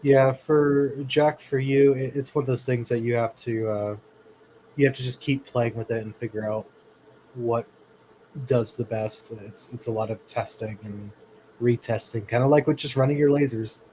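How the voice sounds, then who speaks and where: Guy chatting on a livestream, relaxed, lots of uh and um, faint hiss behind him. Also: mid-range voice, moderate pace, poor audio. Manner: relaxed, chatty, loose with fillers and restarts. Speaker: livestream co-host. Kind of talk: casual livestream chat.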